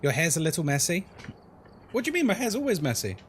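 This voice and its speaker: A man's voice: a little high, quick pace, slight background noise. A man, chatting casually with viewers as a horror game streamer. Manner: chatty, animated, jokey, talks to chat as folks. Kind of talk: casual live-stream chat.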